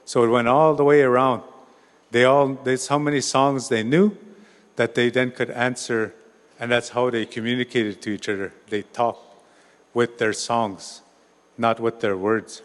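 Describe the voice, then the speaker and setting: A man telling a traditional story to a live gathering, speaking loosely with many restarts and a few drawn-out soft asides. His voice sits at a middling pitch, and a long hall reverb trails behind it. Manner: informal, restarts words, says "eh". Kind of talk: oral storytelling talk.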